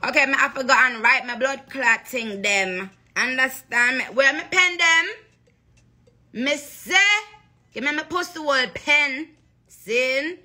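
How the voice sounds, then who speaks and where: Brash Jamaican patois voice, put on by a woman, bouncy half-chanted rhymes, very bright tone. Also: sits high, a little slow, pitched above the performer's own voice, full character voice. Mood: brash, playful. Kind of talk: livestream patois lyric recital.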